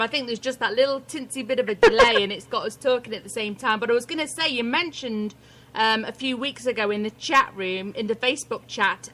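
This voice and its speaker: A woman's voice: a little high, a bit bright. A British woman co-hosting a casual chat show, joking and bantering playfully. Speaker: co-host.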